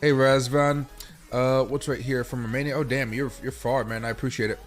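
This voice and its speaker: A man's voice: mid-range voice, level tone, brisk, soft background music. A man hosting a casual livestream, chatting loosely, greeting viewers by name and talking to his dog between remarks. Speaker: livestream host.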